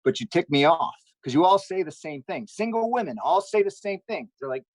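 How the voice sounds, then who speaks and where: Brief: male stand-up comic, upbeat storyteller, slightly high voice, dry close sound. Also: animated, dry recording, low-quality recording. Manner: upbeat, jokey storytelling with quick asides. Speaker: stand-up comedian. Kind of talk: stand-up comedy set on a charity livestream.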